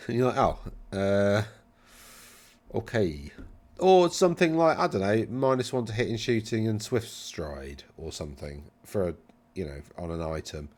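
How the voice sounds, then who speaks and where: Male host, lower register, casual rambling rules chat, wry and dismissive. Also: animated, moderate pace, darkish tone. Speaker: channel host reviewing game rules.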